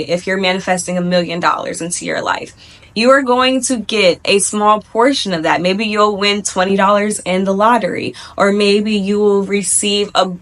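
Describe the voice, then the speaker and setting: A woman's voice: mid-range voice, fairly bright tone. A woman giving casual spiritual advice straight to her viewers. She is chatty and often ends her points with "right?" or "okay?". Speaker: spiritual YouTuber. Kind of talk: casual motivational talk to camera.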